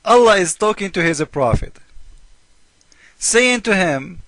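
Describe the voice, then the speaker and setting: Guy lecturing on video, repeats himself a lot, highish voice, dry close mic. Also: animated, a little slow, long pauses, fairly bright tone, no echo. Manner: emphatic, repetitive, lecturing. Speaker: video host. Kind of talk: argumentative video monologue.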